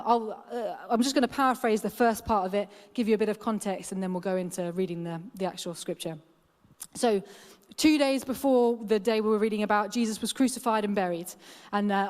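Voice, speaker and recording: A woman's voice: mid-range voice, darkish tone. A woman giving a casual, humorous sermon as a guest preacher, chatty and often laughing. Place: church hall. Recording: echoey church hall.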